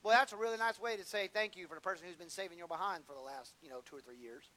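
A man's voice: high voice, racing, sharp tone, slight background noise, low-quality recording. A man preaching a sermon, acting out whiny prayers and bits of dialogue for humor.

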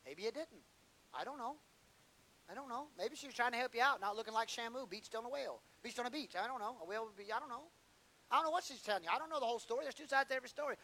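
A man's voice: very high voice, very fast, bright, forceful tone, a little hiss or hum, low-quality recording. A man preaching a sermon, acting out whiny prayers and bits of dialogue for humor.

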